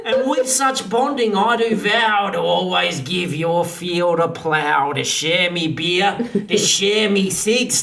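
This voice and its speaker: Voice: medium pitch, pitched above the performer's own voice. Someone putting on a crude bogan groom. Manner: rhyming wedding vows, crude. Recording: echoey room, from far off.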